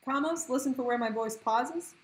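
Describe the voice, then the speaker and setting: A woman teacher talking pupils through a grammar worksheet in a clear, patient question-and-answer way. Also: high voice, normal speed, poor audio. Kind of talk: recorded grammar lesson for pupils.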